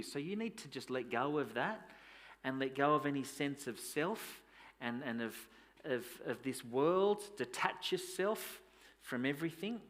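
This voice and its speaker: A man's voice: a little high, fairly bright tone. A man, a pastor preaching a sermon in a conversational way, asking rhetorical questions.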